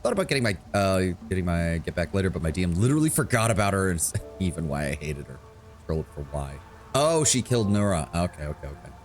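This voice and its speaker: A man with a very low, deep voice chats casually on a live game stream. He is wry and offhand as he answers viewers, and soft music plays faintly behind him. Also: sing-song, fast talker. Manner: casual, wry, talks to chat. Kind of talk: game stream, reading and chatting.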